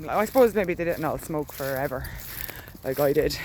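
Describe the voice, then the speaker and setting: A woman's voice: mid-range voice, expressive, a little fast, slight background noise. Chatty Irish woman walking outdoors. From Ireland. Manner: chatty, candid, walks while talking. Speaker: dog walker vlogging. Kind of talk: casual rambling diary vlog. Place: outdoors in a rural field.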